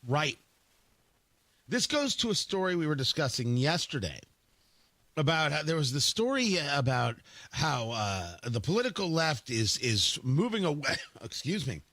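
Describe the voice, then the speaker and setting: Radio host guy, sarcastic rant, high bright voice, bouncy, dry studio. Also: big pitch swings, a little slow, no echo. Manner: sarcastic, mocking quotes in put-on voices. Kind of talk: opinionated talk radio monologue. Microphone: studio microphone.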